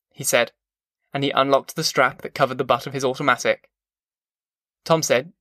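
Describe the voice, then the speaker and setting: Measured and even, a mid-range male voice narrates a scripted audiobook. The audio is studio quality and free of room sound.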